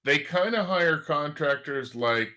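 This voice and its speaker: A man's voice: on the high side, lively intonation, a little slow, pushed and bright. A man hosting a casual video call chat, talking in a rambling way with frequent restarts. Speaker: host.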